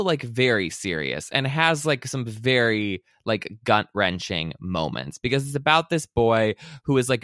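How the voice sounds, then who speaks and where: A man's voice: mid-range voice, fairly bright tone, clear, resonant tone, no echo. A man co-hosting a casual podcast chat, talking loosely and leaning on filler words. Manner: chatty, lots of "like" fillers. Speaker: podcast co-host.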